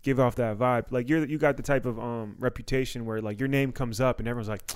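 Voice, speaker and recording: A man from Washington, D.C., a comedian hosting a podcast, tells stories in a relaxed, slangy style full of swearing. His medium-pitched voice is smooth and steady in tone, and he talks quickly in casual podcast chat.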